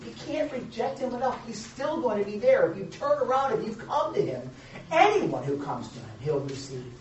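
A man preaching a sermon to a live group, animated, acting out the quotes and adding joking asides. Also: very high voice, moderate pace. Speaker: pastor. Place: church or meeting room with a live audience. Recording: roomy, distant, dull sound with faint noise.

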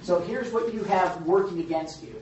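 A man leading an informal Bible study, teaching in a rambling, halting way with many restarts and fillers. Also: sits high, darkish tone, slight background noise. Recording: distant, echoey, lo-fi room recording.

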